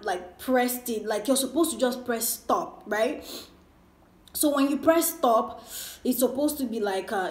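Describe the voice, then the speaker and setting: A woman's voice: fairly high pitch, reverberant. Chatty woman vlogger in her twenties. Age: 20s. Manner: rambling, chatty, full of fillers. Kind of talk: casual mukbang storytime chat.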